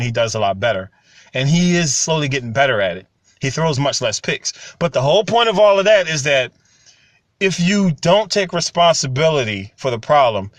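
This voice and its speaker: A man, talking casually and getting animated when he tells stories. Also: mid-range voice, dry recording. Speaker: commentary channel host. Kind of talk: casual monologue to camera.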